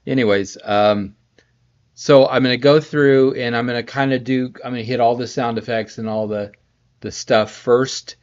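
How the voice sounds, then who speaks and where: Streaming a scoring session from his home production studio, a middle-aged composer talks at normal speed in a mid-range voice with fairly even intonation. He is sleepy and yawning, rambling in a friendly way and greeting viewers by name, over slightly dull lo-fi sound.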